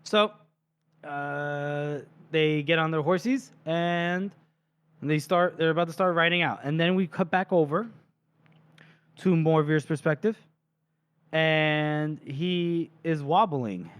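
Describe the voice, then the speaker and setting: A man's voice: on the high side, slow, smooth. A man co-hosting a casual book podcast, animatedly retelling the chapter and acting out its quotes. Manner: animated storyteller, acts out quotes. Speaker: podcast co-host.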